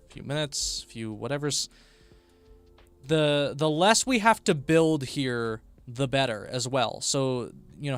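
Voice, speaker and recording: A man's voice: mid-range voice, fairly bright tone, clear, resonant tone. A tired man chatting casually on a live stream while building a game, often mumbling to himself.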